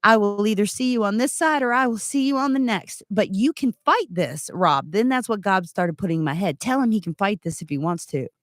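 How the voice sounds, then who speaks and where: Thirties woman, earnest and animated, telling a personal story; medium pitch, dry recording. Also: fairly quick, hardly any pauses, no room sound. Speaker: guest giving testimony. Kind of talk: emotional personal testimony.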